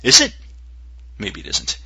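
A man co-hosting a podcast in casual chat, excitable and joking loudly, with many stammered restarts. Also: a little slow, dry recording. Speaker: podcast co-host. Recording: dull lo-fi podcast audio.

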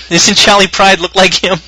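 A man's voice: high voice, bright, forceful tone, no echo, poor audio. A man co-hosting a podcast, rambling and swearing casually and laughing often. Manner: profane, rambling, laughs a lot. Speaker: podcast co-host.

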